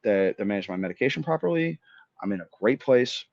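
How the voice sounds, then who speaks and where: A man's voice: fairly low pitch, lively intonation, creaky, darkish tone, no room sound, highs cut off. A man in his thirties from Florida, a podcast guest and army veteran, telling his story bluntly and with swearing. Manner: blunt, swearing, fast-building retelling. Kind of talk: emotional storytelling in conversation.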